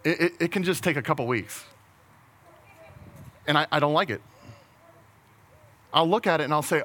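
A man's voice: fairly high pitch, normal speed, long pauses, sharp tone. A man preaching a sermon in a casual, conversational way, often restarting his words and laughing at his own jokes. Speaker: pastor.

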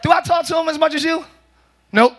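A man preaching a lively sermon as pastor to a congregation, joking and calling out to them. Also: very high-pitched, a little fast, some chatter behind. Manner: shouting, joking, calls to the congregation. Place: large church with congregation.

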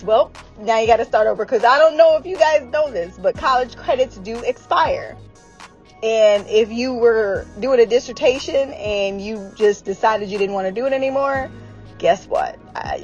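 Exasperated woman ranting, swearing freely. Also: medium pitch. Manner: animated, exasperated, swears freely, laughs often. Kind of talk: casual reaction recap. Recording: slightly dull sound with faint music.

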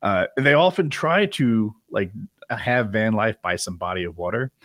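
Guy on a podcast rambling about youtube finds, super lively voice, swears a bunch, dry mic. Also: on the low side, a little slow, dry recording. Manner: rambling, profane, laughs often. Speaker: podcast co-host. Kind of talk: casual chat.

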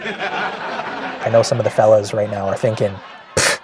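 A man's voice: lowish voice, sing-song, unhurried, background noise. A male comedian telling a rambling, self-mocking story, with frequent "right?" asides.

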